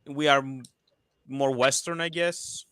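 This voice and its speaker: Bright-voiced hesitant man chatting. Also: medium pitch, fairly even intonation, unhurried, smooth, no echo, studio quality. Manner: hesitant, filler-heavy. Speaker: stream co-host. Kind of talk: casual stream chat.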